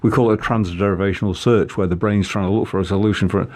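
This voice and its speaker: Low-voiced man, halting storyteller. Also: fairly even intonation, a little mellow. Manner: halting, many restarts. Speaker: guest. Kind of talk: casual storytelling.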